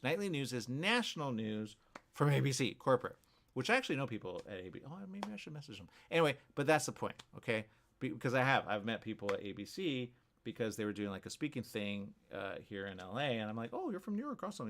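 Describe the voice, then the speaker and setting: A man's voice: medium pitch, animated, quick pace, a bit bright, slight background noise. A man hosting a morning radio show, talking in a rambling, repetitive monologue full of restarts and tag questions. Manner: repetitive, hesitant, keeps asking "okay?".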